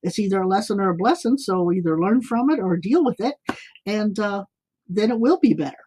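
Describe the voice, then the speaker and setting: A woman's voice: medium pitch, expressive, brisk, mellow, a little hiss or hum. A middle-aged woman co-hosting a psychic call-in show, giving easygoing advice and talking things through with fillers. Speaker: psychic radio show co-host. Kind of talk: casual call-in chat.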